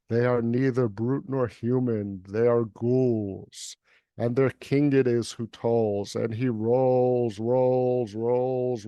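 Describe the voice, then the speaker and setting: A man who is a poet and guest reader, reciting a poem in an even, unhurried way and then chatting casually over a video call. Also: mid-range voice, dry recording. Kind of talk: poetry recitation and casual chat.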